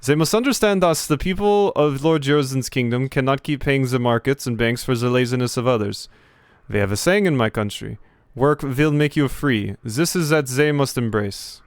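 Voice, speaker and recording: A stiff, self-important German bureaucrat, as a man puts him on for a video game. He speaks in a clipped, officious way in a thick put-on German accent. His voice is smooth and mid-pitched, close and dry. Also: normal speed, no room sound, natural voice. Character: stiff pompous male German bureaucrat, middle-aged.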